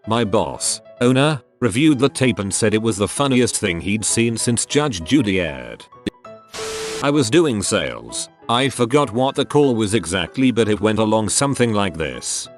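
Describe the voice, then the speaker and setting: A man's voice: lowish voice, big pitch swings, normal speed. A man reading online stories aloud as scripted narration, with some odd misreadings. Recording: faint music behind the voice.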